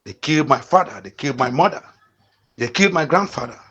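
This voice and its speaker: A Nigerian man in his fifties delivers fired-up political commentary as a channel host, at an ordinary mid pitch for a man. He hammers his points through repetition and stumbles into fillers as he pushes on. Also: lively intonation, fast, bright, forceful tone, husky. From eastern Nigeria. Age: 50s. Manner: fiery, repetitive rallying calls with frequent fillers.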